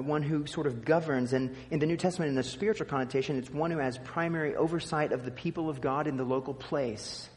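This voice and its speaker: A man's voice: on the high side, big-room sound. A man preaching a sermon, teaching with emphatic repetition and dry asides. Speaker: pastor.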